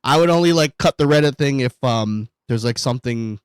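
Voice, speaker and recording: Against a noisy background, a medium-pitched man talks a little fast as co-host of a laid-back podcast. His style is rambling and jokey, full of self-mockery and free swearing.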